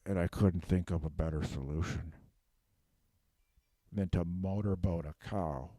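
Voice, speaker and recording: Rambling man with a warm, mellow voice. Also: low voice, fairly even intonation, measured pace, no echo. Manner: rambling, drops "okay?" after nearly every phrase. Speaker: improv comedian. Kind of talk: improvised absurd comic monologue. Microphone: handheld microphone.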